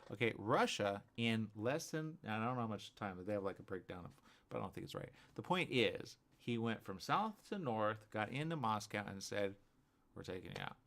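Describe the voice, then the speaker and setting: A man's voice: fairly low pitch, moderate pace. A man hosting a live talk show, rambling through a monologue and acting out both sides of imagined conversations, with "right?" after many points. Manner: animated, acts out both sides of imagined dialogues, asks "right?" often.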